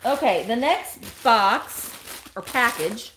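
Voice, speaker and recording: A woman's voice: mid-range voice, lively intonation, normal speed, background noise. A woman hosting a casual live stream from home, gushing over the items she unboxes and greeting viewers by name. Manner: chatty, gushing, exclamatory, reads viewer comments aloud. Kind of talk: casual live-stream chat, opening mail.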